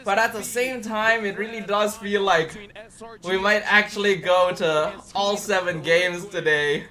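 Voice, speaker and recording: A man's voice: sits high, fairly even intonation, measured pace, sharp tone. A man hosting a live watch party stream, chatting casually and thanking viewers for gifts.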